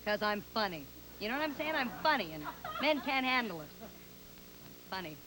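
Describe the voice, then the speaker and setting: An actress playing a boastful young woman comic who swoops high as she brags, in a sketch comedy talk-show bit. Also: very animated, normal speed, noisy background. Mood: brassy. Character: brash young woman comic, pushy and self-assured.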